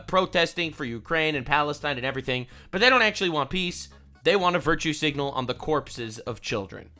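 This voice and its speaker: A young man hosting a profane, animated reaction commentary vlog, ranting as he talks. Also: on the high side. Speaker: online commentator.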